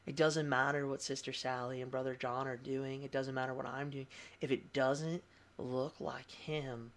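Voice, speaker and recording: Young adult man, pastor, candid testimony, animated and chatty, mid-pitched voice. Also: normal speed. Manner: candid, animated storytelling with fillers and laughs. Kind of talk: conversational testimony.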